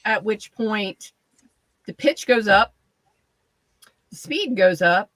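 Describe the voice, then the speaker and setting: A woman's voice: mid-range voice, animated, slow, fairly bright tone, no echo. A woman with a Virginia accent, chatting casually about voice acting on a gaming stream. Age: older than the others. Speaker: player on a tabletop game stream. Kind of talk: casual chat.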